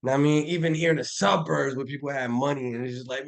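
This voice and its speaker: A man on a live stream breaking down trading charts in a loose, slangy, profane and animated way. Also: mid-range voice, a little fast, gravelly. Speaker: trading educator.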